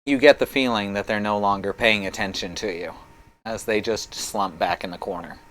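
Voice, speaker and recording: A man narrating a live-streamed tabletop game as game master, with measured, slow description. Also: fairly low pitch, fairly bright tone.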